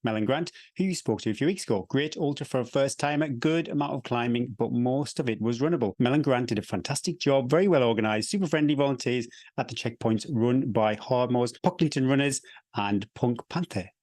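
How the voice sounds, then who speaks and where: A man's voice: medium pitch, fairly quick, a little mellow, no room sound. A man co-hosting a running podcast, chatty and easygoing, reading out listener messages and laughing often. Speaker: podcast co-host. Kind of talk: casual podcast chat.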